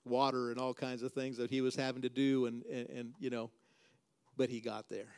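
A man preaching a sermon as pastor. He builds to loud, emphatic, repeated refrains and then drops to a soft, quiet voice for prayer. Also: little pitch movement, moderate pace, smooth. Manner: preaching with dramatic swings in pitch and volume.

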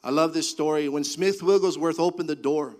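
A man preaching a sermon, building to fervent, half-sung cries, then dropping to a low, earnest delivery. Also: brisk, rough recording. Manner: preaching with rising, shouted fervor. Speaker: pastor.

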